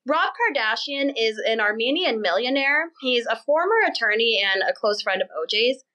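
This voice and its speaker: A young woman hosting a podcast, telling a story in an animated, chatty way and laughing as she goes. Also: fairly high pitch, poor audio. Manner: chatty, animated, laughs while telling, does quick mocking voices for people in the story. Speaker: podcast host. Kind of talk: casual storytelling chat.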